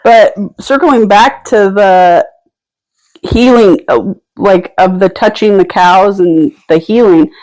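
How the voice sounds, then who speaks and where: Slow, hesitant podcast interviewer. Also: mid-range voice, darkish tone, rough recording. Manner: hesitant, filler-heavy questions. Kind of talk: casual interview questions.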